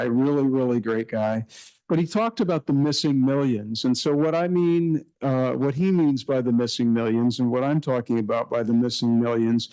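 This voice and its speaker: A man's voice: mid-range voice, darkish tone, poor audio. Earnest middle-aged man giving welcome remarks. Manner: earnest, repetitive emphasis with many fillers. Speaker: university president. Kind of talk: welcome speech at a summit.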